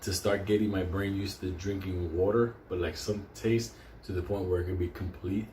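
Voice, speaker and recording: A man's voice: deep voice, steady tone, normal speed, dark tone, slight background noise. A man on a profane, rambling rant, drifting off mid-thought and restarting. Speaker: vlogger. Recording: roomy echo, faint ambience.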